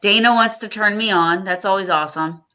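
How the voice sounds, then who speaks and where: A woman's voice: medium pitch, a little fast, bright, forceful tone, poor audio. A woman hosting a casual livestream chat, rambling and chatty with frequent laughter. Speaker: podcast host.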